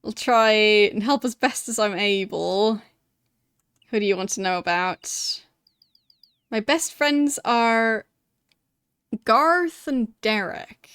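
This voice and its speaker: A woman's voice: mid-range voice, fairly bright tone, dry recording, clean studio sound. A woman voicing a scruffy but dapper male graveyard keeper in a thick put-on accent, evasive and defensive about his work. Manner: puts on a thick gruff accent.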